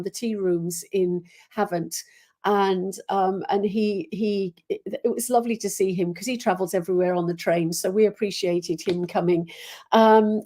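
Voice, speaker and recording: Greeting viewers on her live stream, this Welsh-accented woman speaks in a dark-toned, mid-range voice. Her casual chat wanders, packed with fillers and false starts.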